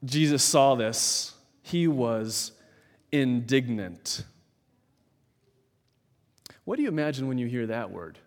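A man preaching a sermon in a measured, emphatic way, with dramatic pauses, in a large church hall. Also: mid-range voice. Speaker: pastor. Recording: long hall reverb.

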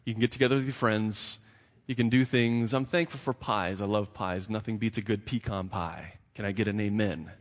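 A man's voice: on the low side, fairly even intonation, normal speed. A man, a pastor giving a conversational sermon who repeats words as he builds his points. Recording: long reverb of a large hall.

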